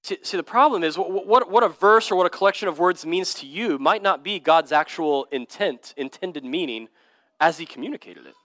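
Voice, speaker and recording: A man's voice: high-pitched, brisk, pushed and bright, no room sound, studio quality. A man preaching a sermon in church, earnest and emphatic, with casual slang and frequent word repeats. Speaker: pastor. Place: church service.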